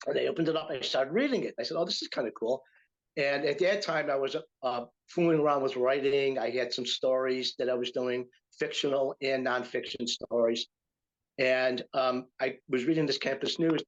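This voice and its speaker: A retired teacher and writer, an older man from Utica in upstate New York, recounts a story in a casual interview, restarting often and using many fillers. His medium-pitched voice comes through with lo-fi sound.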